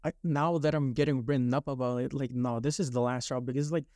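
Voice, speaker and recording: A man's voice: mid-range voice, steady tone, fast talker, a little mellow, no echo, clean studio sound. A young man from Canada telling his story in a casual podcast chat, rambling with lots of likes and restarts. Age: young adult.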